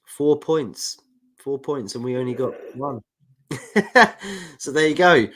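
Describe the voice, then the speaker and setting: Speaking slowly in a mid-range, slightly bright voice, a London man co-hosts a laid-back football chat show. He jokes around and reads out comments from viewers.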